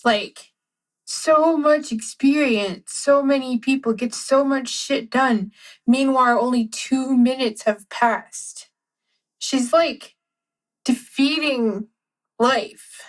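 A woman playing a tabletop game, excitable and joking in a rapid-fire way. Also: sits high, poor audio. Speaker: player. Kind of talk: casual chat at a tabletop game.

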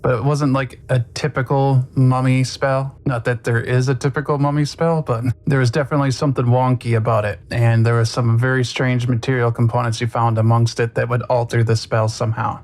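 A woman with an unusually deep, low voice narrates as game master of a tabletop role-playing podcast. She describes scenes in a loose, casual way. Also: fairly quick, hardly any pauses. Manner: casual, relaxed, laughs between descriptions.

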